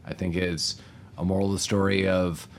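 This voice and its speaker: A man's voice: deep voice, level tone, normal speed, gravelly, a little hiss or hum. A man co-hosting a casual movie podcast, riffing jokingly on the film and asking his co-host questions. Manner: joking, riffing, laughs often. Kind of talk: casual movie review chat.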